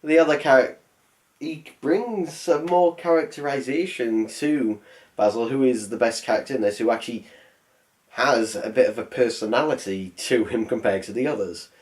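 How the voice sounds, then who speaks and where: A man's voice: mid-range voice, normal speed, darkish tone. A man voicing a sarcastic, rambling film review. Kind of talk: comedic film review voice-over.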